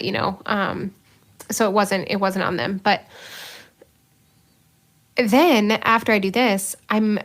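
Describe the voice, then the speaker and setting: Earnest, self-mocking religious sister. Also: female voice, medium pitch, a bit bright. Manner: earnest, self-mocking, breaks into laughter, many fillers. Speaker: religious sister, podcast co-host. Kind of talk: casual podcast conversation, personal story.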